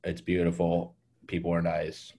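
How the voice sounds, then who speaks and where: Low-voiced joking man. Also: monotone, warm tone. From Texas, USA. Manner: dry, joking, self-mocking, with halting restarts. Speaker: comedian guest. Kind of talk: casual podcast chat.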